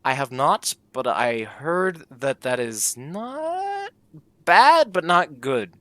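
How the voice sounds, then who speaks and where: A man's voice: fairly high pitch, sing-song, slow pace, pushed and bright, no echo. Man reading a text game aloud. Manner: playful, reads game text in put-on voices and jokes about it. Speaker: gameplay commentator.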